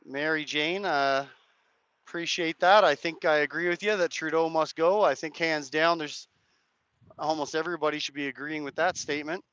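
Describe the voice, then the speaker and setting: A man from Canada with a cracked, hoarse voice, rambling casually to viewers while live-streaming from a street rally. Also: on the high side, fairly even intonation, moderate pace, a bit bright, dry recording, highs cut off. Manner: rambling, hedging, chats to viewers' comments.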